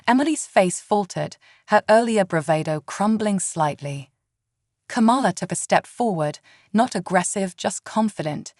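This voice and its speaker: A woman reading a dramatic story as narrator in an even, measured way. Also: medium pitch, no echo, clean studio sound.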